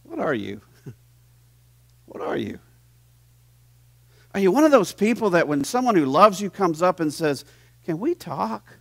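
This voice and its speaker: A man preaching a sermon as pastor in a church, animated and teasing his congregation, swinging from hushed to loud. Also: sits high, a little slow, gravelly, pauses often, dry recording. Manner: playful, teases the audience.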